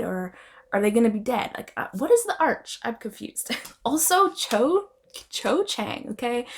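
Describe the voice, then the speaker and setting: Expressive young woman chatting about books. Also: mid-range voice. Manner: expressive, emphatic, often adds "okay?". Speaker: book vlogger. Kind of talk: casual book review chat.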